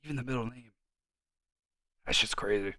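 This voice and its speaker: A man co-hosting a podcast in casual chat, ranting and swearing freely and getting loud when worked up. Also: medium pitch, moderate pace, no room sound, studio quality. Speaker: podcast co-host.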